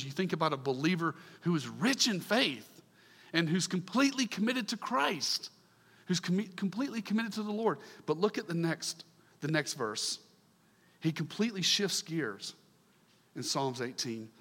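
A man preaching a sermon, earnest and emphatic, swinging from fervent calls down to soft, quiet asides. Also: fairly high pitch, long reverb tail.

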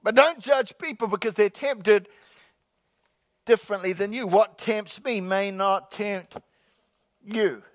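A man preaching a sermon to his congregation, joking with the crowd and slowly repeating his key lines. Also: sits high, dry recording. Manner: jokey, repeats key lines slowly, calls out "come on, somebody". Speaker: pastor. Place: church sanctuary with congregation.

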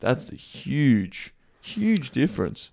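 A man's voice: medium pitch, takes it slowly, creaky. Blunt, profane male podcast host. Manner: blunt and heavily profane, animated when telling stories. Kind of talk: casual conversation.

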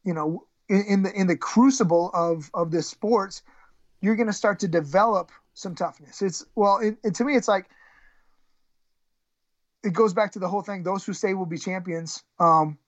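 A woman who coaches high school wrestling tells a story in an interview, halting and repeating words. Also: no echo. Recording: dull, slightly lo-fi sound.

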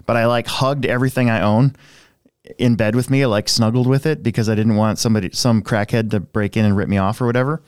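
A man's voice: on the low side, steady tone, fast, clean tone, no echo, studio quality. A man co-hosting a hobby podcast, telling a rambling story in casual chat and restarting his sentences often. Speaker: podcast co-host.

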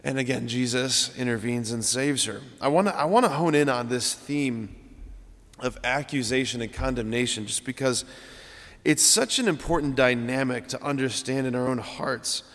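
A priest preaches a homily in an earnest, emphatic way, stacking repeated phrases for weight. His voice sits at an ordinary middle pitch for a man. A long reverb trails after his words in the big church. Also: normal speed, a bit bright. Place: large church.

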